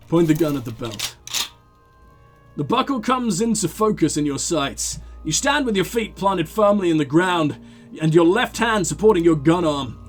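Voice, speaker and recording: A man hosting a video game playthrough reads the narration aloud in a high, lively voice that swings a lot in pitch. He trips over words and backs up to fix them, adding quick remarks of his own. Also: soft background music. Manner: animated, stumbles and corrects himself while reading. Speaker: let's play host. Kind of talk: reading game text aloud with commentary.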